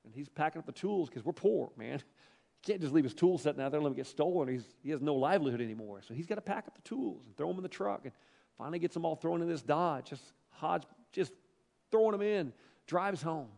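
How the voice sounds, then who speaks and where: A middle-aged male pastor tells a personal story from the pulpit, animated and emphatic. His voice sits fairly high for a man and carries a gravelly edge. A long reverberant tail from a large hall follows his phrases. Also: a little fast. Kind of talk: storytelling sermon.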